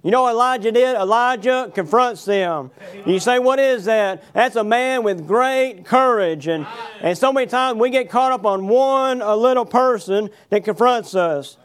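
A man's voice: extremely high pitch, normal speed, fairly bright tone. A man preaching a sermon, reading verses aloud and then explaining them with rhetorical questions to his congregation. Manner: reads verses aloud, then paraphrases with fillers. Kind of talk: sermon reading and expounding scripture. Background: congregation answering amen.

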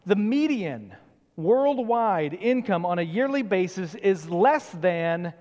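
A man's voice: high voice, expressive, takes it slowly, mellow, big-room sound. A man, a pastor, preaching a sermon earnestly and questioning his listeners. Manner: earnest, questioning, acts out quoted voices.

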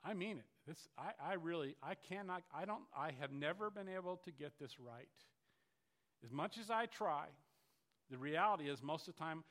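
A preacher voicing a frustrated apostle. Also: male voice, fairly high pitch, lively intonation, moderate pace, fairly bright tone. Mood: exasperated. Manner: exasperated, pleading paraphrase. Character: frustrated older male apostle confessing struggle.

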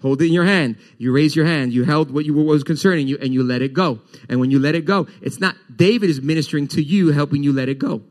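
A man preaching a Sunday sermon as pastor, animated, repeating words and voicing the congregation's questions. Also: fairly high pitch, quick pace, few pauses.

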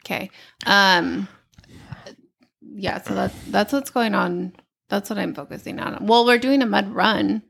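Creaky-voiced woman, blunt and teasing. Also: medium pitch, unhurried, a bit bright. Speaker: podcast co-host. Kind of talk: casual chat.

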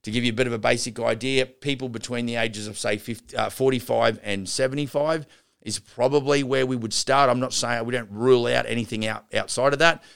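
Speaking at a brisk clip, a man with a mid-range, clean, slightly bright voice and some vocal fry keeps his intonation fairly even. He's a podcast host and renovation business coach giving casual, rambling advice to contractors, restarting sentences, drifting into asides, and calling his audience guys and gals.

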